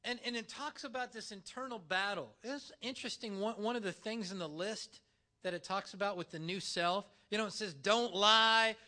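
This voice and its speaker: A man preaching a sermon in a church, animated and emphatic, using dramatic pauses. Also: high voice. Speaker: pastor.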